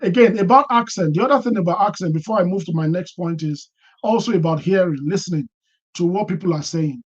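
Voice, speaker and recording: A man with a high, light voice talks loosely to viewers of his live stream, giving career advice. He often repeats words and circles back mid-sentence while answering chat. The sound is dull and lo-fi, like basic stream audio. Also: brisk. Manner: chatty, repeats and restarts words, reads chat comments aloud. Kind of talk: live-stream talk to an online audience.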